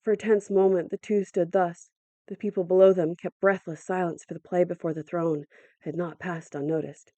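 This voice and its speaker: A woman's voice: lowish voice, fairly even intonation, warm tone, no echo, highs cut off. Woman reading an adventure audiobook. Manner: measured, dramatic storytelling. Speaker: audiobook narrator.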